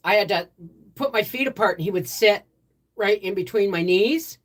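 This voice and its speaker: A woman's voice: mid-range voice, moderate pace. An older woman hosting a live stream from her home office, telling a rambling, chatty story with many restarts. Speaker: homestead channel host. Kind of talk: casual live-stream chat.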